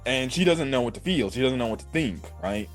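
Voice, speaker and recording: A young man excitedly recapping an anime episode in a rambling, casual way, full of "bro" and "right?". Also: mid-range voice, fairly quick, faint music behind. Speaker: anime reviewer.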